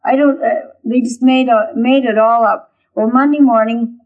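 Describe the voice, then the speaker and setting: An older woman, recounting her own experience in spoken testimony. She talks in a plain, folksy way, with many uh fillers and acted-out dialogue, in a fairly high voice. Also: fairly even intonation, moderate pace, phone-quality sound.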